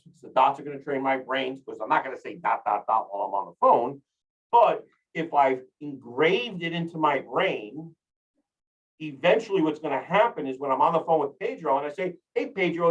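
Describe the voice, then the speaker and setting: Energetic man coaching, distant and lo-fi. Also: mid-range voice, normal speed. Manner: energetic, rambling, with many restarts. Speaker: real estate coach. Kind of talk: casual training talk.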